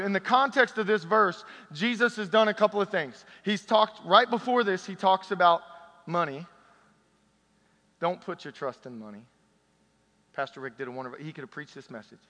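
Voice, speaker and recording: A man preaching a sermon as pastor, swinging between loud emphatic lines and soft, intimate passages. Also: on the high side. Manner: energetic, rising to loud emphasis then dropping soft and intimate. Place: church sanctuary. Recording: long hall reverb.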